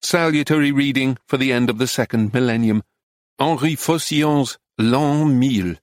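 A man's voice: mid-range voice, normal speed, no echo. Man reading a memoir, dry close sound. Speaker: narrator. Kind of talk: audiobook narration of a memoir.

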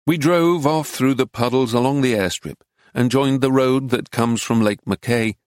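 A man's voice: medium pitch, smooth, no room sound. Man narrating an audiobook, dry sound. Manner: measured, even storytelling. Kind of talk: scripted narration.

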